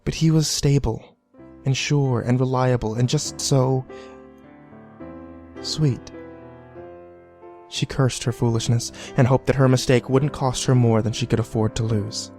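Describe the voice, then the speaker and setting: A man narrating an audiobook in a measured, even storytelling manner. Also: mid-range voice, faint music behind.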